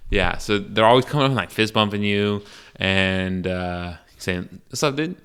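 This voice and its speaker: A young man rambles his way through a solo podcast, crude and full of restarts and fillers. His voice sits low but comes out bright and clear. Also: steady tone, unhurried. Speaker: podcast host. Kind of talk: casual solo podcast monologue.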